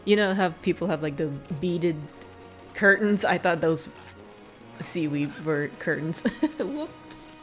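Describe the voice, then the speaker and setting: A woman's voice: fairly low pitch, animated, takes it slowly, fairly bright tone, soft background music. A woman streamer giving casual, chatty commentary while playing a video game. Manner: chatty, giggly asides.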